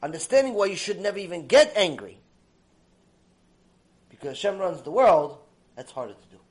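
A man giving a religious lecture, telling stories in an animated, emphatic way. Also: sits high, moderate pace. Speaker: religious teacher. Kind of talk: recorded Torah lecture with storytelling.

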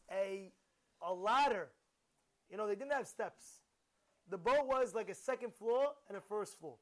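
A man speaking as a rabbi, delivering a sermon full of rhetorical questions and storytelling to his audience. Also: high voice.

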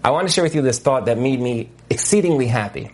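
Guy coaching over a zoom call, mid pitch, storytelling, lots of like and you know. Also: fast. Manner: animated storytelling with many fillers and asides. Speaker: marriage coach and Torah teacher. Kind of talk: lecture on a video call. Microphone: video call mic.

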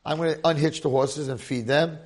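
A man's voice: fairly high pitch, steady tone, a little fast, pitched above the performer's own voice, natural voice. A man putting on a bossy demon chief. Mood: insistent. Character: male demon chief, commanding host.

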